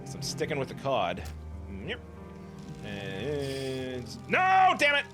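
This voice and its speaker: Man, let's play host, playful, chatty, animated pitch, faint music. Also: slow. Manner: playful, chatty, meows while fishing. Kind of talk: casual gameplay commentary.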